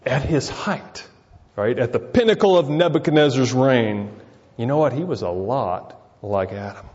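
A man preaching a sermon, peppering it with rhetorical questions and swinging between loud emphasis and quiet asides. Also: on the low side. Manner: rhetorical, keeps asking "right?". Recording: dull sound with long reverb.

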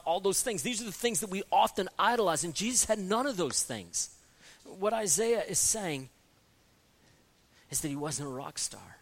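A man's voice: sits high, very animated, fairly quick. A man preaching an expository sermon, earnest, often repeating words as he restarts and rising to emphatic peaks. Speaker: pastor.

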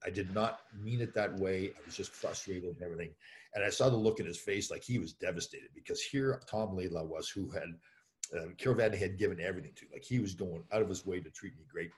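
A deep-voiced middle-aged man rattles through his stories at a brisk clip. He talks in an easy, rambling way full of "like" and "you know", and he slips into other people's voices when he quotes them. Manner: anecdotal, many fillers, acts out voices in quotes. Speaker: former pro hockey player, guest. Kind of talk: storytelling in an interview.

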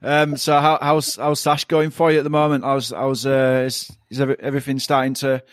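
A man hosting a podcast, friendly and relaxed, often restarting his questions. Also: medium pitch, brisk, no echo, studio quality. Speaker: podcast host. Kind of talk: casual interview.

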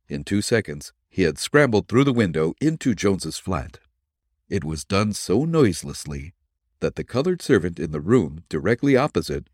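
Deep-voiced man narrating a detective serial. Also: dry recording, clean studio sound. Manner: measured storytelling with lively inflection. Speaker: podcast narrator reading a serial. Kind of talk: dramatic audiobook narration.

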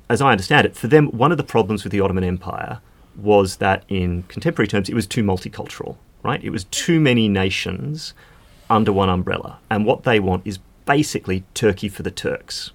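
A man speaking as a legal expert guest in a podcast conversation, explaining at length with casual fillers. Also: on the low side.

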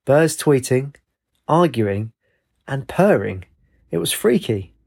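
A man's voice: mid-range voice, sing-song, slow, creaky, a little mellow, heavily acted. A man voicing a skeptical, dry young man in a storybook.

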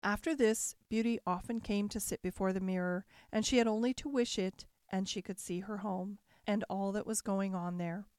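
Woman calmly narrating a fairy tale. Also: mid-range voice, normal speed, few pauses, clean tone, dry recording, clean studio sound. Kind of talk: storybook narration.

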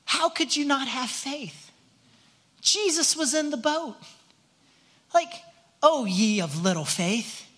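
A man's voice: very high-pitched, bright, forceful tone. An earnest man preaching to his congregation in a loose, conversational way, leaning on rhetorical questions. He often restarts and repeats words as he thinks aloud, and he sounds like a pastor speaking in church on a Sunday morning. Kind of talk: conversational sermon.

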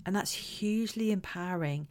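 A woman giving earnest parenting advice, acting out example phrases in a gentle way. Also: lowish voice, moderate pace. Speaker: parenting educator. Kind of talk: talking-head advice talk.

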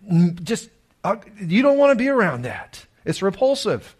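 A male pastor, preaching a sermon earnestly and emphatically, with restarts and rhetorical questions. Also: on the high side.

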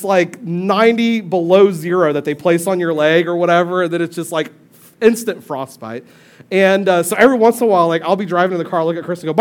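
A man's voice: high-pitched, normal speed. A young male pastor preaching a casual sermon, joking and acting out quotes as he tells stories.

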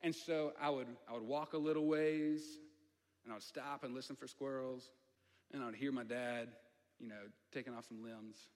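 A man's voice: medium pitch, steady tone, normal speed, darkish tone. A man with a Southern accent, preaching a storytelling sermon in a conversational way, with asides to the audience. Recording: long hall reverb.

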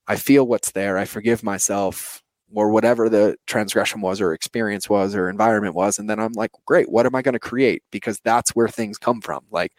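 A man's voice: fairly low pitch, dry recording. A man in his thirties, an entrepreneur talking earnestly about his life, full of "like" and "you know". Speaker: entrepreneur guest. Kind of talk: reflective personal interview talk.

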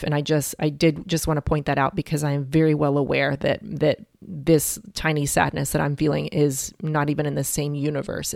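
A middle-aged woman with a lowish voice and a gravelly edge tells a personal story on her podcast. She talks frankly and with feeling, swearing now and then, and the recording is close and dry with no room sound. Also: dry recording. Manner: emotional, frank, swears casually. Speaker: podcast host and coach.

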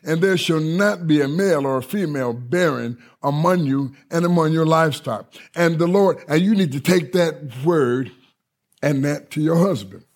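Middle-aged male preacher, husky and raspy, emphatic sermon delivery. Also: fairly high pitch, moderate pace, a little mellow. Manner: emphatic and repetitive, often checking listeners are following.

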